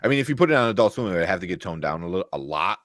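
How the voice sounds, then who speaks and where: A man's voice: sits low, big pitch swings, rapid-fire, a bit bright, dry recording, clean studio sound. A man co-hosting a casual live chat show, easygoing, with lots of fillers and agreeing asides. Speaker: co-host.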